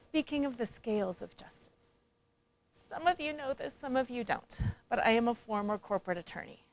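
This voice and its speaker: A woman's voice: a little high, animated, a little fast. A woman speaker and coach giving a motivational conference talk, playful and engaging, who asks the audience questions and acts out quoted voices.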